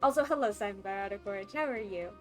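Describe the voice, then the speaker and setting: A woman streamer chatting casually while playing a game, animated and swearing, laughing often and reacting to her chat. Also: medium pitch, fast, faint music behind.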